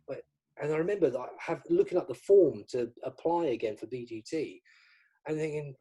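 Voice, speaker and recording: A man's voice: a little high, expressive, fairly quick, warm tone, husky. A middle-aged man from the UK, a magician guest in an interview, chatting casually and acting out the dialogue in his stories. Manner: chatty, acts out quoted dialogue.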